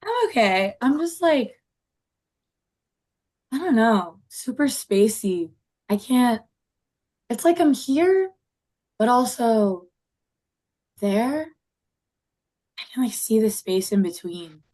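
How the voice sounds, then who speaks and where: A woman's voice: fairly high pitch, very animated, slow pace, pauses often, warm tone, exaggerated voice. A woman voicing a spacey, bubbly young woman in an improvised tabletop role-play, talking airily with lots of "like" and "totally". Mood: dreamy. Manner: airy, full of "like" and "totally".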